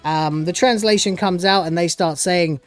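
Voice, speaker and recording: A man's voice: high voice, moderate pace, soft background music. A man giving a casual spoken recap of a TV episode as a reviewer, sarcastic and dismissive, rambling with many fillers. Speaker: show reviewer.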